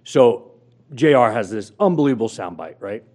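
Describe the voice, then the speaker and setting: A man's voice: medium pitch, expressive, normal speed, a little mellow. A middle-aged man telling a career story as an interview guest, acting out quotes with big jumps in his voice. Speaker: guest, former sports radio host.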